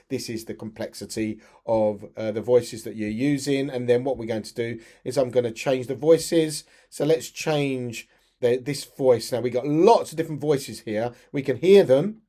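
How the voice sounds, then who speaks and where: A man's voice: medium pitch, mellow. Chatty man narrating a screen tutorial. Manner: chatty, step-by-step, frequent restarts. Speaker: tutorial presenter for teachers.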